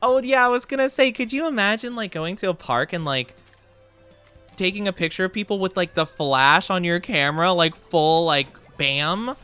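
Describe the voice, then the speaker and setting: A chatty streamer talks casually with viewers while playing, with a bright, forward voice and frequent giggles. Faint music plays underneath. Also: mid-range voice, normal speed, smooth. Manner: chatty and giggly, answers chat messages. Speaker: streamer reading chat. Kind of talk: casual livestream chat over gameplay.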